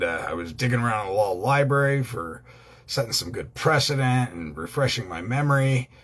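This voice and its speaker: A man's voice: on the low side, a bit bright, slight background noise. A man talking casually to his viewers, rambling with many ums and uhs, blunt and with the odd swear word. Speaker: online law educator.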